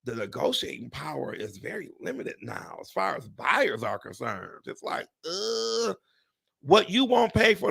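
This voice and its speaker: A real estate agent with a creaky, medium-pitched voice chats loosely with viewers on a live stream. Animated and exclamatory, he swears and speaks directly to "y'all."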